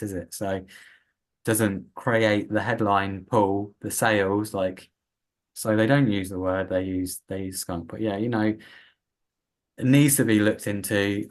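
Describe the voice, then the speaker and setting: A man from the UK talking casually as a guest on a podcast interview, animated and acting out the voices he quotes. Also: lowish voice. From United Kingdom. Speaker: patient advocate guest.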